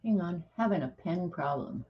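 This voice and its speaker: Fairly low-pitched and slightly rough, her expressive voice moves at normal speed. She's a middle-aged art livestream host chatting casually and talking herself through her drawing. The stream audio is dull and lo-fi.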